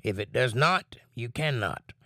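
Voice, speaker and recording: A man leading a Bible study in a mid-pitched voice, reading verses in a slow, deliberate way and stressing the key words. He breaks off with blunt, plain-spoken comments between the verses. The recording is dry and close, with no room sound. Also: animated, sharp tone, no echo. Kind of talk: reading scripture aloud with commentary.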